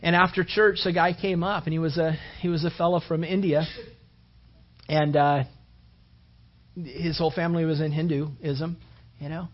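A man's voice: on the high side, flat delivery, normal speed, pauses often. A man preaching a conversational sermon, rambling casually and peppering his talk with "you know" and "man". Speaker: pastor. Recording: dull lo-fi recording.

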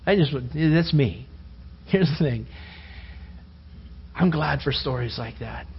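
A man preaching a sermon, telling Bible stories with animated energy and rhetorical questions. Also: a little high, slow pace, vocal fry, a little hiss or hum. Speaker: pastor. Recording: dull lo-fi sermon recording.

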